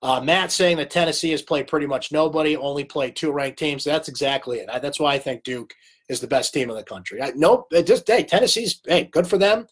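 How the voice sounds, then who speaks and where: A man's voice: fairly high pitch, a little fast, slightly rough. A man with a cold hosting a live sports recap, talking conversationally and answering viewer comments by name. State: has a cold. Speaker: sports talk host.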